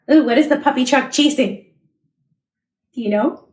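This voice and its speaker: A woman librarian reading a picture book aloud to young children, asking them questions and making lively sound effects. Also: sits high, moderate pace, reverberant.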